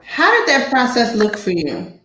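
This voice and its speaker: A woman hosting a podcast, asking gentle, encouraging questions in conversational style. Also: on the high side, wildly swooping pitch, measured pace. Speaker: podcast host. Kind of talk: conversational interview. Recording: echoey room with faint noise.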